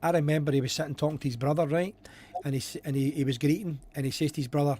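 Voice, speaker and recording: A man's voice: fairly high pitch, steady tone, very fast, dark tone, slightly rough. Chatty man co-hosting a stream. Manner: chatty, repeats himself, reads out viewer comments. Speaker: podcast co-host. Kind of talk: casual chat on a live stream.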